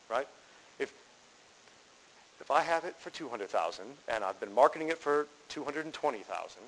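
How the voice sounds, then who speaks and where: A man with a slightly higher voice lectures a seminar on real estate deals. He talks emphatically and keeps posing questions that he then answers himself. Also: a little hiss or hum, low-quality recording. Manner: emphatic, asks and answers his own rhetorical questions. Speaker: real estate wholesaling instructor.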